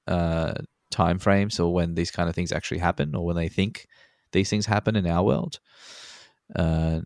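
A man's voice: low-pitched, gravelly, no echo, clean studio sound. A man co-hosting a podcast in casual, loose chat, swearing freely, with lots of ums and chuckles. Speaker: podcast co-host.

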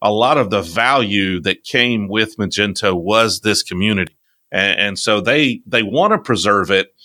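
Man with a slow Southern drawl. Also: lowish voice, pushed and bright, no room sound. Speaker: podcast host. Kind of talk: casual conversation.

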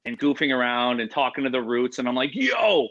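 A man telling stories as an interview guest, excitable and rambling, full of "like" and "you know". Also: medium pitch, fast talker, dull audio. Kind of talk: casual storytelling.

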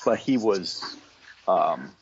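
A man's voice: low voice, sing-song, slow, dull audio, slight background noise. A man, a comic book writer, talking in a loose, rambling way full of restarts and wry asides in a casual conversation.

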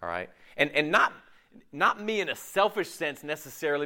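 A middle-aged pastor preaches in a loose, conversational way, full of slang and quick check-ins with the room. His voice sits a little on the high side, and his pitch jumps around animatedly as he restarts his sentences. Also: very animated, bright, forceful tone. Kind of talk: casual conversational sermon.

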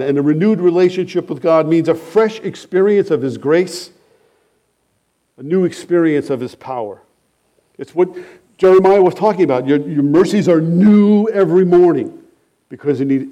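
A man pastor preaching a sermon in an earnest, measured way, letting his phrases fall soft at the ends. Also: on the high side.

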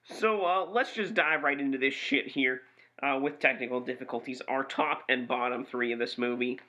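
Bright-voiced ranting man. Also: medium pitch, normal speed. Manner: ranting, swearing, gets loud and exasperated. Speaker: podcast co-host, movie reviewer. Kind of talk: casual profane review chat.

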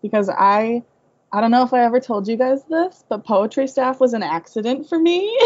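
A young adult woman on student journal staff shares her takeaways in a relaxed, easygoing way with hesitant fillers, heard over a remote call. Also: fairly high pitch, no room sound. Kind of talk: casual group reflection. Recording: dull, lo-fi, dry sound.

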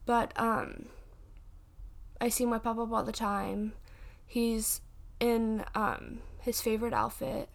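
A woman's voice: fairly high pitch, slow pace, gravelly. A woman in her twenties hosting a casual podcast, chatting in a rambling way with many fillers and restarts. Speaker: podcast host and paranormal investigator. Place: home.

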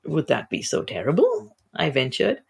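Expressive, husky-voiced woman author. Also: low-pitched, normal speed. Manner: animated, expressive reader. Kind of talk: casual interview talk and reading aloud.

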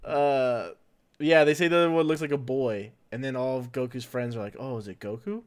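A man hosting a casual podcast recap, his voice sitting at an everyday middle pitch. He talks chattily, laughs a lot and fills in with "like" and "uh". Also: steady tone, moderate pace, clear, resonant tone. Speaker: podcast host recapping an anime episode.

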